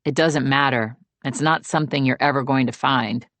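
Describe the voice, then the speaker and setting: A woman's voice: a bass voice, steady tone, normal speed, a bit bright, dry recording. A woman reading an audiobook, voicing a blunt young man who answers curtly and dismissively. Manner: curt, dismissive.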